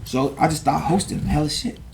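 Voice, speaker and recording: A man's voice: on the high side, brisk, gravelly. Man telling stories over background noise. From Chicago, USA. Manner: animated, slangy, profane storyteller. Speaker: guest. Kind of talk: casual storytelling in conversation. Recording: noisy background hiss.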